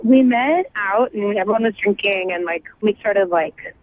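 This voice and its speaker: A woman's voice: medium pitch, normal speed, a little hiss or hum. A woman calling in to a radio show, gushing and chatty, with many filler "like"s. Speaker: radio caller. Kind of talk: casual phone chat. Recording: tinny phone line.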